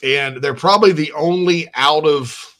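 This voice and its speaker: A man hosting a sports podcast, chatting casually in a rambling, animated way with frequent restarts. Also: on the high side, unhurried.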